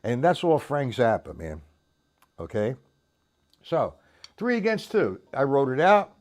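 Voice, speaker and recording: A man's voice: mid-range voice, huge pitch swings, unhurried. A man giving a casual drum lesson. He counts beats aloud and talks in loose, restarting sentences, dropping in "man" here and there. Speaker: drum teacher.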